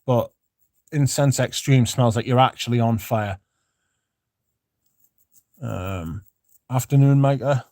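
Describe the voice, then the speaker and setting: A man's voice: mid-range voice, takes it slowly, pauses often, dark tone, dry recording, clean studio sound. A man hosting a casual livestream, reading out viewer comments and chatting in a rambling, laid-back way with the odd swear. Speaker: livestream host.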